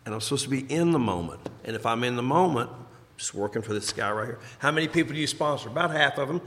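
A man's voice: medium pitch, expressive, quick pace, fairly bright tone, a little hiss or hum. A man talking casually as a sponsor, emphatic and repeating his main points. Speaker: recovery sponsor. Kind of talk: casual chat. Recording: echoey hall.

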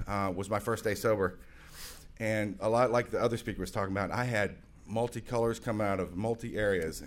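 A man in his forties telling his recovery story to a meeting with self-mocking humor, rambling along and bursting into loud, excited quotes. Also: fairly low pitch. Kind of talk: personal testimony with humor.

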